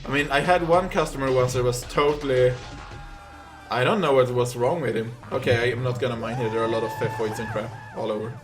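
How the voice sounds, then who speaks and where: A man's voice: medium pitch, steady tone, fairly quick, faint music behind. A young man from Sweden with a Swedish accent, chatting casually on a live gaming stream and rambling through stories with many fillers.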